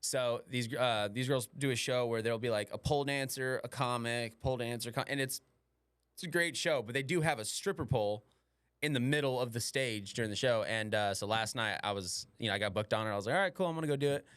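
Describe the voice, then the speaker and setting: A man's voice: mid-range voice, fast, fairly bright tone, smooth, no room sound, studio quality. A young man, a podcast host and stand-up comic, chatting casually and telling rambling stories full of swearing and playful slang.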